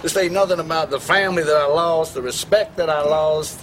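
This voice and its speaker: An actor playing a menacing middle-aged ex-convict with an Appalachian Southern accent, drawling with deep-chested vowels and forced R's, in a noisy film clip. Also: male voice, brisk, close to an everyday voice. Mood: bitter.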